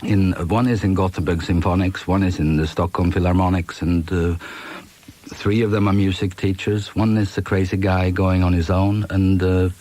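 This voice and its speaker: A Swedish man in his fifties, a musician chatting in an interview in a relaxed, joking way with many restarts. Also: low-pitched, moderate pace. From Sweden. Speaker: musician guest. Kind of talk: casual interview chat.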